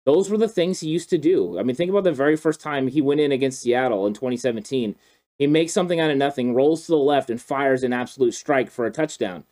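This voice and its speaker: A man co-hosting a football show makes his case with fired-up, repetitive emphasis. His voice is mid-pitched with a warm, mellow tone. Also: fast talker. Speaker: co-host. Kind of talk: passionate football opinion chat.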